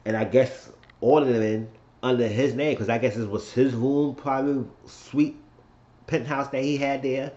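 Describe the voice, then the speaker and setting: A man's voice: medium pitch, fairly even intonation, moderate pace, dark tone. A man casually recapping a TV episode, telling it as a rambling story with asides and cursing. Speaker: TV show recap host. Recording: roomy, dull lo-fi sound.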